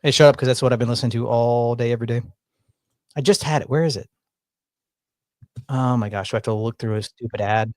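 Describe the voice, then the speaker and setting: Thirty-ish dude hosting a pod, rambly laid-back chat. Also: male voice, medium pitch, quick pace, pauses often, dry recording. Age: 30s. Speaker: podcast host. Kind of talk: casual podcast chat.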